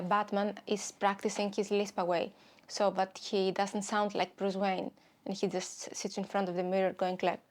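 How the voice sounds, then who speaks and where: A young woman from Greece with a Greek accent, hosting a comedy podcast in an animated, rambling way. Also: medium pitch. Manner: animated, rambling, stop-start storytelling. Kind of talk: solo comedic podcast monologue.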